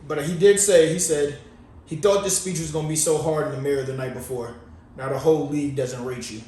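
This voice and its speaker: Rambling, slangy, and laid-back, this male podcast co-host chats casually in a fairly high, mellow voice with fairly even intonation, a little fast. He's on a distant mic, off-mic in an echoey room with faint noise.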